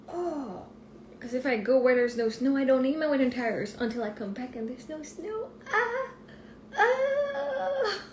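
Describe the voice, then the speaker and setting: Excitable woman. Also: high-pitched, takes it slowly, a little hiss or hum. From Canada. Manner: rambling, excitable, thinks aloud. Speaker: life coach. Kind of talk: casual live-stream monologue. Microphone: phone. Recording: roomy echo.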